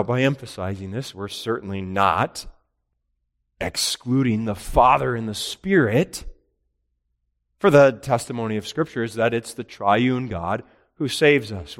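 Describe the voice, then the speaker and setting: Emphatic male preacher. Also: fairly low pitch. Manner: rises to emphatic peaks and drops to quiet; reads scripture in old-style wording, then explains. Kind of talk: expository sermon.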